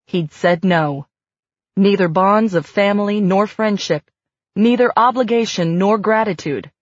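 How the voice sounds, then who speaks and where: A woman reading a novel aloud with a measured, even delivery. Her voice sits on the low side, and the recording is dry and slightly dull, without any room sound. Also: dry recording. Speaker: audiobook narrator. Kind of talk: scripted narration.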